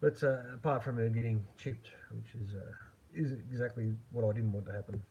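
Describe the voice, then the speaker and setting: A man's voice: mid-range voice, a little fast, gravelly. A man chatting casually on a live stream, rambling and chuckling with lots of fillers. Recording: dull lo-fi with faint noise.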